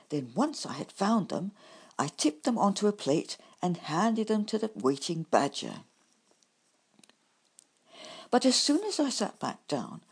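Breathy woman reading a bedtime story slow, voice goes way up and down. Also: medium pitch. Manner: measured, expressive reading.

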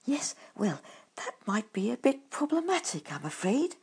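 A woman voicing a nervous male badger who speaks timidly and confidingly, with a husky tone. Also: a little high, big pitch swings, a little slow, darkish tone, heavily acted.

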